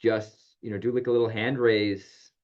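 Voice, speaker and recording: A man's voice: lowish voice, level tone, moderate pace. Male host of an online event, encouraging, a bit hesitant, on dull lo-fi call audio. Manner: encouraging, with many fillers. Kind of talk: hosting a virtual storytelling event.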